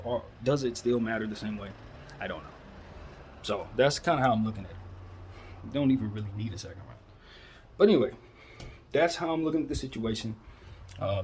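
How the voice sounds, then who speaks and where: A man's voice: mid-range voice, darkish tone, slight background noise. A man in his thirties hosting a solo basketball talk show, giving casual, opinionated commentary full of rhetorical questions. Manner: repeats "that's how I'm looking at it" and "man".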